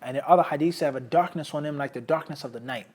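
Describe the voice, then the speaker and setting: A man teaching a hadith studies lesson in English, his voice sitting a little high for a man. He explains with everyday examples, peppers his talk with Arabic terms and keeps checking in with his students. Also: very fast, darkish tone. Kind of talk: Islamic studies lecture.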